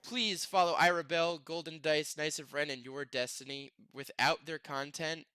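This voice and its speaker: A man's voice: on the high side, steady tone, normal speed, bright, forceful tone, clean tone, no echo. A man hosting a podcast in casual chat, rambling and self-mocking. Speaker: podcast host.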